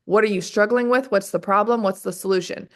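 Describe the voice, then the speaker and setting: Energetic woman sales trainer, mid-range voice, fires off rhetorical questions and keeps addressing the team directly. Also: mid-range voice, brisk. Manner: energetic, keeps calling the audience "you guys". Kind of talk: motivational training call.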